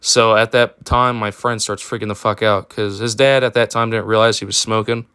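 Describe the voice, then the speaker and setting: A man's voice: lowish voice, fairly even intonation, moderate pace, bright, forceful tone, clear, resonant tone, no echo, studio quality. A young man telling a personal story in a casual, rambling way, with lots of fillers and swearing. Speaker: storytime vlogger.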